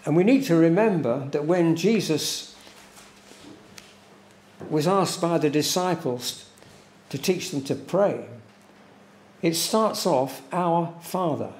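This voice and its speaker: A man preaching a sermon in a church, slow and deliberate, repeating words for emphasis. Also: a little high, animated, a little mellow, slight background noise. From England. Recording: echoey church room.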